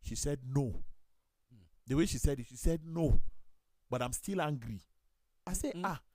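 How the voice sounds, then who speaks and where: Lively Nigerian man telling stories. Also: on the high side, moderate pace, no room sound, studio quality. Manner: storytelling, acts out quoted voices, lively. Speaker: talk show host and pastor. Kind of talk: studio talk show chat, telling anecdotes.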